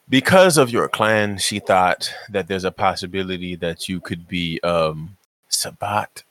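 A man role-playing his character at a tabletop game, his voice on the low side. He stumbles and repeats words, and his pitch jumps up in animated bursts. The sound is dry and close. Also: no echo. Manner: stammering, repeats words often. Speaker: player.

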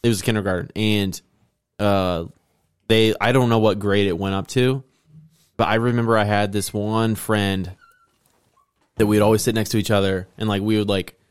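Lowish-voiced man telling animated stories. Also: normal speed, pauses often, clean tone. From Indiana, US. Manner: animated storyteller who acts out quoted voices, swears casually. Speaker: podcast guest. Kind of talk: casual chat.

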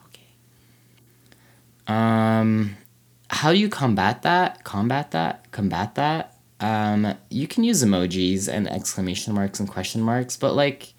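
A man co-hosting a casual podcast chat, talking hesitantly with many fillers and pauses. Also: fairly low pitch, lively intonation. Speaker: podcast co-host.

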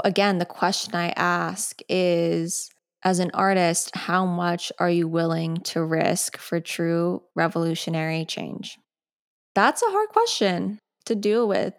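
Young woman rambling on her podcast, lowish voice, lots of "like", keeps going off on tangents. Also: clean tone. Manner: chatty, sidetracked, frequent "like". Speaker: podcast host. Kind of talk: casual solo podcast talk.

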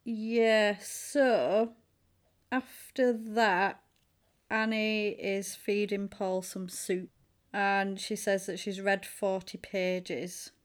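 Brief: chatty woman co-host, animated storyteller, mid-pitched. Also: extremely slow. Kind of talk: casual film discussion.

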